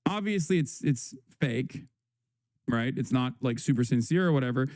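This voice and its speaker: A man's voice: medium pitch, expressive, normal speed, darkish tone, no echo, clean studio sound. A man hosting a livestream, giving rambling, sarcastic, crude commentary on the news. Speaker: livestream host.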